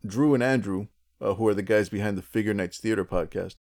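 A man's voice: lowish voice, brisk, darkish tone. A man co-hosting a casual podcast, chatty and jokey, often restarting his sentences. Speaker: podcast co-host.

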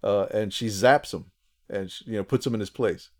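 A man with a fairly low voice hosts a relaxed podcast, walking through a cartoon episode scene by scene. He tells it in an animated, chatty way, full of asides. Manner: animated storyteller, quick asides, frequent laughter. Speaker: podcast co-host. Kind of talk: casual chat recapping a cartoon episode.

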